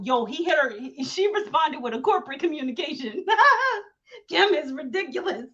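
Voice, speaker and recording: A woman hosting casual celebrity gossip commentary, animated and mocking, laughing often and talking in slang. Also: high-pitched, moderate pace, dull audio. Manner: slangy talk, repeated phrases. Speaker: commentary host.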